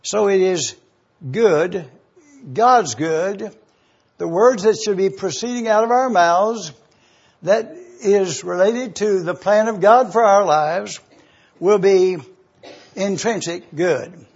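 A man's voice: sits high, takes it slowly, husky. A man teaching a sermon, going through a verse word by word and spelling out Greek words letter by letter. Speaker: Bible teacher. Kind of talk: expository sermon. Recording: dull lo-fi recording.

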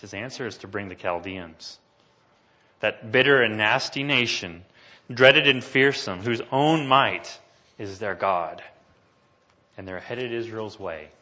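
Bright-voiced male preacher, muffled sound. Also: lowish voice, unhurried. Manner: emphatic, rising to loud declamation when reading scripture. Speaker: pastor. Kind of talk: sermon.

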